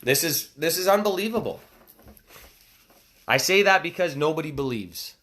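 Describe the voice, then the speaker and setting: A man in his thirties giving a casual motivational talk, with excited, emphatic exclamations. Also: fairly high pitch, normal speed, slight background noise. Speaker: motivational speaker.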